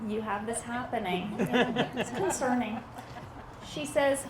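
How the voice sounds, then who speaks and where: A woman's voice: a little high, unhurried, reverberant, background noise. A woman comedian telling a family story in a stand-up set outdoors, acting out the people in it as she goes. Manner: animated storytelling, acts out family members. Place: outdoor backyard show.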